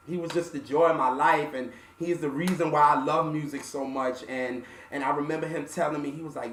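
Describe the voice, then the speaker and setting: A man hosting a music show, telling an emotional personal story in a halting, soft-spoken way with many fillers. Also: fairly high pitch, steady tone, roomy sound, far from the mic, slight background noise.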